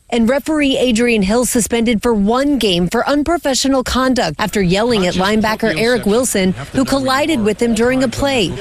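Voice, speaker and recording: A woman reads radio news headlines in a slightly high voice. She keeps a measured, deliberate pace. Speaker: news anchor. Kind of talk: scripted radio news read.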